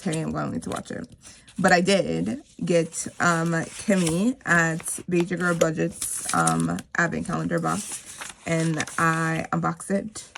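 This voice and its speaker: A woman's voice: fairly low pitch, gravelly, a bit bright, slight background noise. A woman chatting casually to her viewers while doing a cash savings challenge, repeating herself for emphasis.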